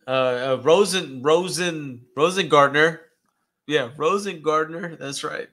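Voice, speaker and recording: A man's voice: fairly high pitch, slow pace, a bit bright. Laid-back man co-hosting a podcast. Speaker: podcast co-host. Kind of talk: casual livestream chat.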